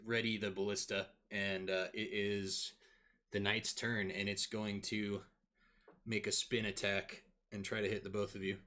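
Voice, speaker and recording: A man's voice: on the low side, little pitch movement, measured pace, bright, forceful tone. A man acting as dungeon master in a tabletop game. He laughs often and explains the rules patiently.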